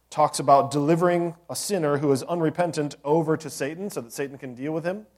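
A man's voice: on the high side, a little mellow. Man preaching a conversational sermon. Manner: conversational preaching with asides and rhetorical questions. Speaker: pastor.

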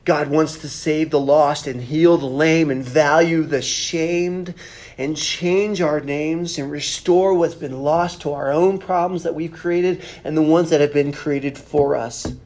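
A pastor giving a conversational sermon, earnest and plain-spoken, with rhetorical questions and repeated phrases. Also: male voice, fairly high pitch, fairly even intonation, a little slow, a little mellow.

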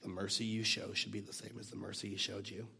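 Man, husky, lowish voice, casual devotional talk, conversational, sometimes near-whispered. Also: flat delivery, fast talker, sharp tone. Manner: conversational, self-deprecating, drops to near whisper at times. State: coughing. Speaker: Bible teacher.

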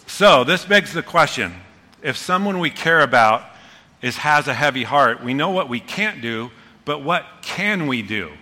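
Excitable pastor in a reverberant hall. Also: male voice, medium pitch. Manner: animated, excitable, fast bursts then slowing down. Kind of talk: sermon.

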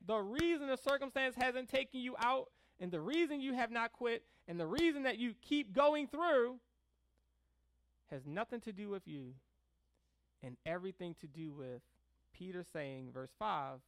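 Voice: medium pitch, a little slow, dry recording. A pastor preaching a conversational sermon, checking in with the congregation and stressing key words. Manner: conversational preaching with frequent "right?" check-ins; animated, leans hard on key words.

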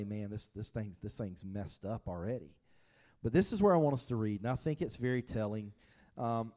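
A man preaching a sermon in a relaxed, talk-to-you way, with plenty of restarts and asides to the congregation. His voice is mellow and dark, and his pitch sits in an ordinary middle range. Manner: conversational, with frequent fillers and restarts, addresses congregation directly. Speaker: pastor.

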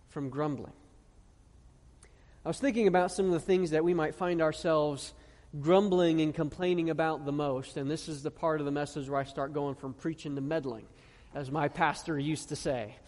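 A large church hall gives this male pastor's high-pitched voice a long reverb, its tone steady and darkish. His sermon is earnest, built on rhetorical questions and scripture read slowly with weight on each phrase.

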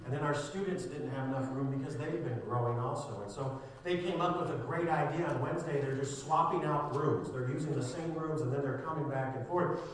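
A man's voice: mid-range voice, a little fast, crowd noise. Fervent pastor man in an echoey hall. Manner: sarcastic streak, builds to fervent emphasis. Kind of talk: sermon. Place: church sanctuary. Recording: echoey church hall, distant mic.

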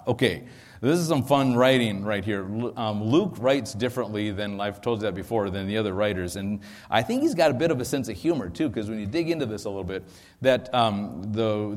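A man's voice: lowish voice, lively intonation, fairly quick, in a large hall. A male pastor teaching a sermon into a microphone, explaining in a conversational way with frequent ums and asides.

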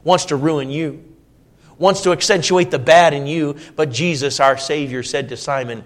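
A man preaching a sermon, asking his listeners questions and dropping to a soft, low voice when he quotes scripture. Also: steady tone, normal speed. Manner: swings between loud emphatic lines and soft low quoting; asks the congregation rhetorical questions.

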